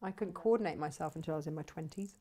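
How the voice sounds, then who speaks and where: A woman's voice: deep voice, very fast, dark tone, husky. Chatty woman hosting a shop stream. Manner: chatty, reads out viewer comments, laughs often. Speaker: host of a live fabric shop stream. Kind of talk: casual live-stream chat.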